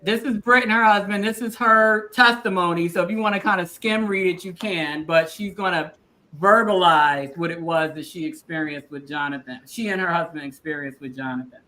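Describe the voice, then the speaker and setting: Woman, live-stream host, bright tone, casual freestyle chat. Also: fairly low pitch, moderate pace, a little hiss or hum. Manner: chatty, freestyling, laughs often.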